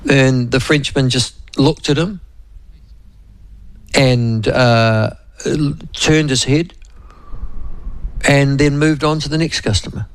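A man with a New Zealand accent hosts a talk radio show, speaking slowly at medium pitch and pausing often. He's rambling and chatty, addressing his listeners and his co-host by name in casual radio chat.

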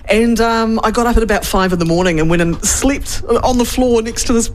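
High-voiced young man, laughing storyteller. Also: brisk, slight background noise. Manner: laughing, open personal storytelling. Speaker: radio guest. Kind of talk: casual radio chat.

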